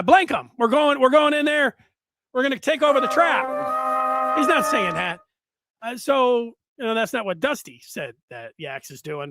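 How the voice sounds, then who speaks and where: High-voiced man hosting a sports talk show. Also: no echo, clean studio sound. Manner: rambling, animated, many fillers and restarts. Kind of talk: solo sports talk monologue.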